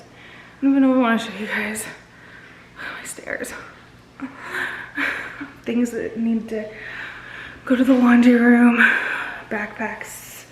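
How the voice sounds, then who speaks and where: A tired woman in her thirties, a vlogger and mother, sits on the stairs at home and chats candidly to her viewers, rambling a little. Her voice is a little high, and the roomy home recording carries a faint hiss or hum.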